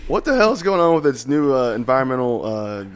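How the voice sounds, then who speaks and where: A man co-hosting a casual podcast, hesitant and quick to laugh. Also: mid-range voice, sing-song, a little hiss or hum. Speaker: podcast co-host. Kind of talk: casual chat.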